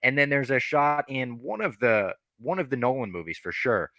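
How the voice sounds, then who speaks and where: A man's voice: mid-range voice, expressive, moderate pace, pushed and bright, no room sound. A man hosting a podcast, reviewing a movie in casual chat, enthusiastic and profane. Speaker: podcast host.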